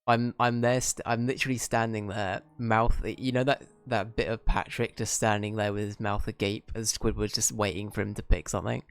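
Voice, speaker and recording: A man's voice: lowish voice, little pitch movement, normal speed, gravelly, hardly any pauses, smooth. A young Englishman chatting casually and rambling with self-mocking humour while streaming a game. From England.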